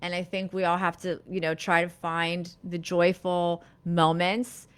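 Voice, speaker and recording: A middle-aged woman therapist hosting a live-streamed talk, speaking gently and reflectively, with many fillers and restarts. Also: on the low side, flat delivery, unhurried, smooth. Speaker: therapist and live show host.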